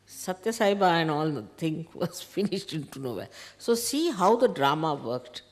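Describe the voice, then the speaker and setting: A woman's voice: low-pitched, moderate pace. An older woman with an Indian accent, a spiritual teacher telling a story to followers and acting out each person's lines. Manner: animated retelling, quoting others in dialogue. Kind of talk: storytelling talk. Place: ashram hall.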